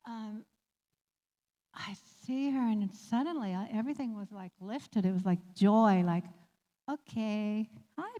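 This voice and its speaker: Reverberant woman telling a heartfelt story. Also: fairly high pitch. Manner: warm, laughing often, animated when recalling. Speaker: guest. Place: community office room.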